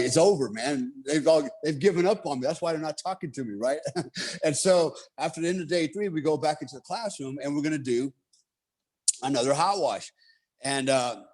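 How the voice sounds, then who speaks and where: A man's voice: on the high side, darkish tone. Man telling a profane story. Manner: profane, laid-back, heavy on "you know" and "right?". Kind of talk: casual storytelling.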